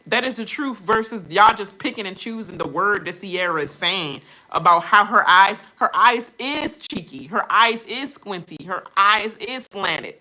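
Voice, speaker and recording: Woman reaction host, bright voice, lively pitch, casual ranting delivery. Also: measured pace, few pauses. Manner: animated, laughing, mimics others in quoted voices.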